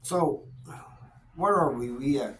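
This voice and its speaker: A man's voice: medium pitch, slow, a little hiss or hum, rough recording. Laid-back middle-aged man telling stories. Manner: laid-back, folksy, animated when quoting people. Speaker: YouTube storyteller. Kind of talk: casual storytelling to camera.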